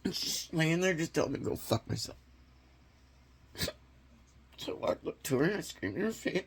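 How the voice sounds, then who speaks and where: A man tells a painful story from his own life in a gravelly, husky voice. His retelling is raw and agitated, and he stops and restarts as he goes. Nervous laughs break into his sentences. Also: on the high side, animated, moderate pace, long pauses. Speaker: vlogger. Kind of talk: personal confession storytelling.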